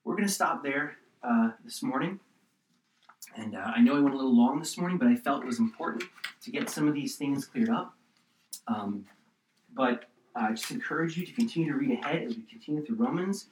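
A man preaching a sermon as pastor, passionate and swinging between loud emphasis and quiet appeals. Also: mid-range voice, animated, brisk, a little hiss or hum. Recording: roomy echo, distant mic.

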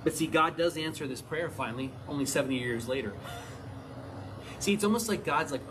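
A man preaching a sermon in an animated way, often asking his listeners questions. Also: fairly high pitch, brisk, background noise. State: out of breath.

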